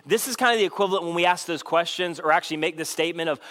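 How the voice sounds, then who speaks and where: A man with a fairly high voice preaching a sermon. He keeps it conversational and casual, with plenty of "like". He slips into the voices of the people he quotes. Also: very fast, hardly any pauses, sharp tone. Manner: acts out quoted voices with shifts in pitch and pace. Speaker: pastor.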